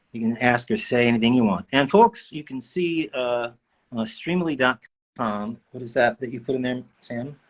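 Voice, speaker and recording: In an indoor room, a male voice actor signs autographs on a livestream while chatting casually with fans. His voice sits at medium pitch and his pace is unhurried. He keeps things playful and joking.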